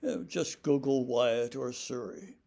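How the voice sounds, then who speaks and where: Slow, gravelly-voiced man lecturing on poetry. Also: medium pitch, warm tone. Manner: slow, measured reading of verse. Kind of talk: recorded literature talk with poetry readings.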